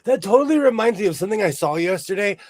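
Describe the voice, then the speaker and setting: A man hosting a casual sewing show chat, telling jokey stories in an animated way. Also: high voice, quick pace. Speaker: host.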